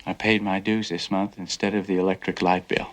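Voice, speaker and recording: An actor plays a restless young man, dreamy but bitter, with a brooding, wry delivery. His voice sits a little low. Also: little pitch movement, a little fast, natural voice.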